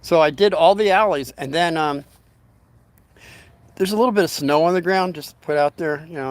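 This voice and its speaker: A man's voice: a little high, dry recording. A man telling a long anecdote in a casual, rambling way, with many restarts and fillers. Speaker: storyteller.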